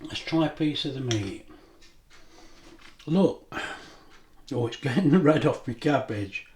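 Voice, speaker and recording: A man's voice: medium pitch, animated, a little slow, a little mellow, echoey room, slight background noise. A middle-aged man with a chatty, homely way of talking, laughing often as he chats to camera in his kitchen. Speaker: food vlogger. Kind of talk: casual chat to camera. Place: home kitchen.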